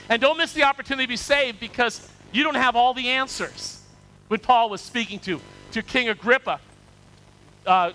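A man's voice: high voice, pushed and bright, rough recording. A male pastor preaching a sermon, acting out people's excuses in quoted voices and reading scripture aloud.

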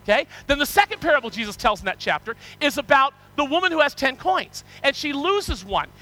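A man preaching a sermon, retelling parables with lively storytelling and frequent restarts. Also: extremely high pitch, fairly quick, no echo, low-quality recording. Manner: animated storytelling, acting out parable characters; frequent restarts and repeated words. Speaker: pastor.

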